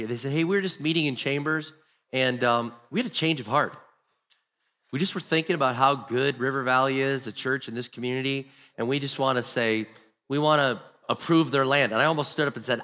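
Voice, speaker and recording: A man's voice: medium pitch, moderate pace, pushed and bright, long reverb tail. A man preaching a sermon as pastor, telling stories and acting out the people he quotes. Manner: storytelling, acts out quoted people.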